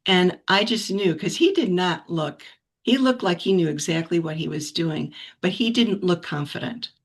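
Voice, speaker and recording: Woman, lowish voice, telling a personal story on a video call, reflective and unhurried, restarts often. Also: lively intonation. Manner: reflective, with frequent restarts and soft laughs. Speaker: practice group member sharing a story. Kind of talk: casual personal sharing.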